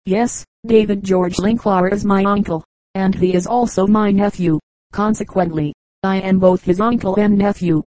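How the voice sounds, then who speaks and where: Woman reader doing a matter-of-fact male traveling salesman, mellow voice, storybook. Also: mid-range voice, fairly even intonation, moderate pace, dry recording, natural voice, rough recording. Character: chatty puzzling male commercial traveler.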